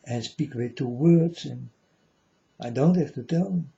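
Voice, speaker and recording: A man's voice: mid-range voice, a little slow, gravelly, dark tone, muffled recording. A man speaking in a rambling, profane monologue, often adding "you know", with non-native English grammar. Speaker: self-styled spiritual speaker. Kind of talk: casual spoken monologue.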